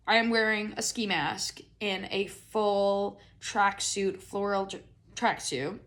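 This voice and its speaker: This is a young woman with an American accent, a podcast host spinning a comedic story from her own life. Her voice sits slightly high and rings bright. She rambles casually, says "like" constantly and swears without a second thought. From United States. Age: young adult. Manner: chatty and animated, with frequent "like" and swearing.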